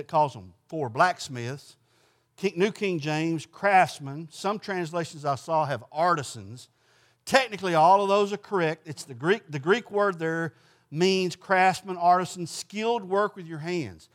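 A man leads an informal Bible study class in a folksy manner, putting questions to the group and answering them himself. His voice is a little high.

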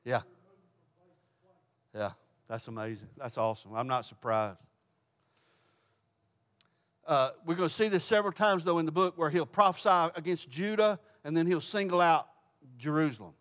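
A man's voice: moderate pace, long pauses, fairly bright tone. A male pastor preaching a sermon, impassioned and pleading, slipping into colloquial asides. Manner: impassioned, pleading, rises in pitch when quoting scripture. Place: church sanctuary.

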